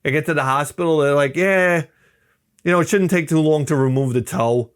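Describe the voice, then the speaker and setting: A man's voice: on the high side, brisk, smooth. Profane rambling middle-aged man. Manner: profane, animated, acts out quotes in other voices. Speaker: channel host. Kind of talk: rambling comedic storytelling.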